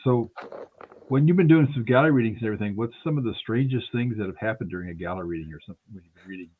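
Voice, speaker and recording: A husky man talks at a quick clip, spinning a rambling story and voicing each person in it. He sounds thin and tinny, as if he is coming in over a phone line. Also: fairly low pitch. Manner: rambling anecdotes, acting out the dialogue. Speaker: radio show host. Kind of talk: casual storytelling interview.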